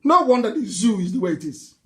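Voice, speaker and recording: A man with a Nigerian accent giving an impassioned live broadcast speech, mocking and scornful, laughing and shouting at times. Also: high voice, big pitch swings, quick pace. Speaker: political broadcaster.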